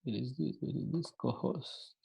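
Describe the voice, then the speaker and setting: Speaking at a normal speed, this man has a medium-pitched, animated voice that is gravelly, mellow and husky. He is a Latin American teaching an online class over video call in Spanish-accented English, patient with his students, repeating words and breaking instructions into steps.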